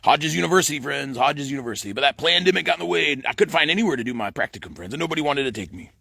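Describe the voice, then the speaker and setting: Guy in middle age, quick and bouncy delivery, gravelly phone vlog rant outdoors. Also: fairly high pitch, no room sound. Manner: says "friends" in nearly every line, rambling and excitable. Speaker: vlogger. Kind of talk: rambling monologue to camera.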